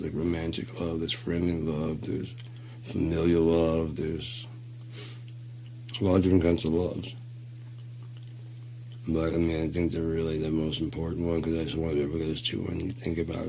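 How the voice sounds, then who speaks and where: A man's voice: very deep voice, little pitch movement, moderate pace, creaky, mellow, slight background noise. A man rambling in a casual, profane monologue. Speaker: solo talker.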